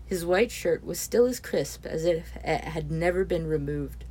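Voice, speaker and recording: A woman reading a story aloud as its narrator, steady and expressive. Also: low voice, a little slow, slightly rough. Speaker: audiobook narrator.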